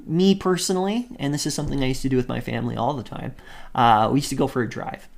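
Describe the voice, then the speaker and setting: A man's voice: medium pitch, fast, gravelly. A man preaching a conversational sermon, who keeps checking in with his listeners and chuckles between points.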